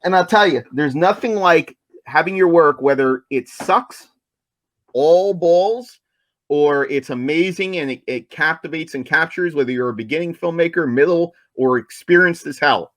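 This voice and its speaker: A man's voice: fairly high pitch, normal speed, hardly any pauses, a bit bright, no room sound. Enthusiastic man co-hosting a podcast. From New Jersey, USA. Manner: enthusiastic, repeats points for emphasis. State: coughing, apologizes for it. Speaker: podcast co-host. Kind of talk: casual podcast chat.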